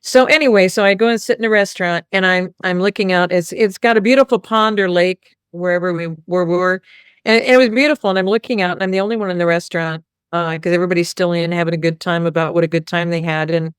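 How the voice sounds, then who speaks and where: Woman, spiritual talk host, rambling storyteller, lowish pitch, dry close sound. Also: fast talker, clear, resonant tone, dry recording. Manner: rambling storytelling, quoting God and others. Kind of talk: casual spiritual talk to a small group.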